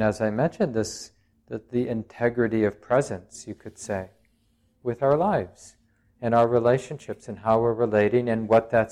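Reflective man giving a dharma talk. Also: on the low side. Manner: reflective, searching phrasing with frequent pauses; plain-spoken and gently humorous. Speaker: meditation teacher.

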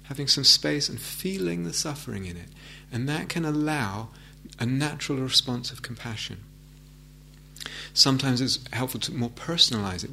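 A man giving a meditation talk, gentle and reflective, with frequent hesitant restarts. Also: mid-range voice, moderate pace, creaky, a little hiss or hum. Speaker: meditation teacher. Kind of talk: dharma talk. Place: meditation hall with audience.

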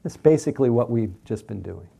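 Male meditation teacher, deep-mellow timbre, soft and unhurried delivery. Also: lively intonation, creaky, breathy edge. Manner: gentle, unhurried, soothing. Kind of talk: mindfulness talk with questions.

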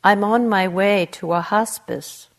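A woman voicing a frail elderly woman in a story, speaking gently and without hurry. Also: mid-range voice, measured pace, lightly acted. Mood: gentle, wistful.

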